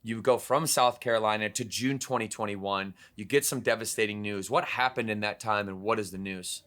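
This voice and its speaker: Guy hosting a podcast, low-ish bright voice, lots of "like" and "literally", easygoing. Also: a little fast. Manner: energetic, filler-heavy, uses "like" and "literally". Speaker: podcast host interviewing a guest. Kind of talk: casual conversational interview.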